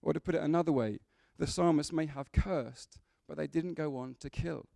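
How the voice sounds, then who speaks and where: Gravelly-voiced man preaching a sermon. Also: on the high side, moderate pace, mellow, no room sound, clean studio sound. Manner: conversational, with asides and humor to the congregation. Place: church.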